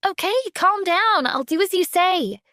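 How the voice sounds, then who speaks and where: A woman's voice: extremely high pitch, expressive, measured pace, pushed and bright, no echo, clean studio sound, pitched above the performer's own voice, exaggerated voice. A woman voicing a haughty celebrity diva. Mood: frightened. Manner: haughty, scornful. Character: arrogant spoiled celebrity influencer woman. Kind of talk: audiobook character voice.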